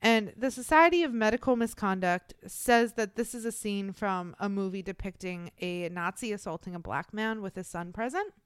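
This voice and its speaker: A woman's voice: mid-range voice, moderate pace, few pauses, clean tone, no echo, clean studio sound. A young woman co-hosting a podcast, telling a true-crime story in casual, blunt, profane talk full of fillers. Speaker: podcast co-host.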